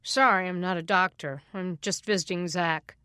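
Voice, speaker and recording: A woman voicing a calm, polite young man visiting a patient. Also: on the low side, moderate pace, smooth, no echo, studio quality.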